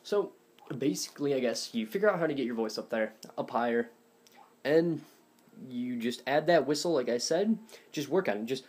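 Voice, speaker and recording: A man's voice: medium pitch, expressive, normal speed, a little mellow, slightly rough. Rambling young man teaching voices. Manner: rambling, self-deprecating, many fillers. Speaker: voice impressions teacher. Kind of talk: casual video tutorial. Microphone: phone or webcam.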